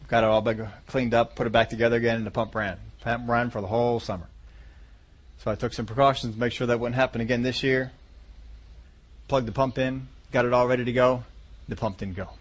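A male pastor preaching a sermon in a conversational, folksy way, often asking his congregation questions. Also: medium pitch.

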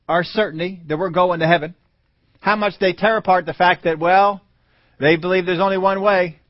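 Man, sermon, fairly high voice, chuckles, builds to emphatic peaks, dry muffled sound. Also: no room sound. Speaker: preacher.

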